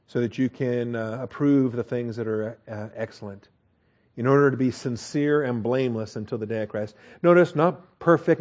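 Loose and conversational, an American Bible teacher works through scripture verse by verse, often restarting sentences and checking in with a quick "okay?". He speaks at an ordinary middle pitch with a darkish tone.

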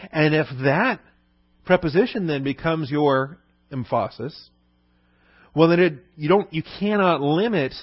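A man's voice: on the high side, no room sound, highs cut off. A man teaching a Bible lesson in a conversational sermon style, often asking the listeners "okay?". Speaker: pastor.

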